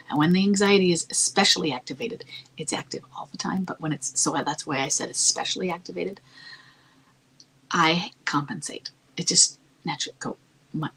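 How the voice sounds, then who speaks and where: A woman giving marriage-coaching advice in a soft, calm, often near-whispered delivery that stays earnest and reassuring. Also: fairly low pitch, slightly rough, rough recording. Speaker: marriage coach answering a listener's question. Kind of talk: advice talk.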